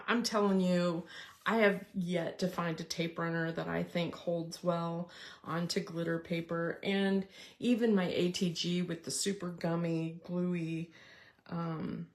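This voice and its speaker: A middle-aged woman hosting a casual card-making tutorial, chatting and explaining step by step as she works with her hands. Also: on the low side.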